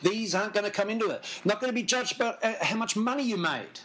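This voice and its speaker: A male preacher with a high, bright voice delivers a sermon. He talks earnestly and emphatically, repeats his key points and breaks off into casual asides to the people listening. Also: expressive, quick pace, rough recording. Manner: conversational asides to the congregation.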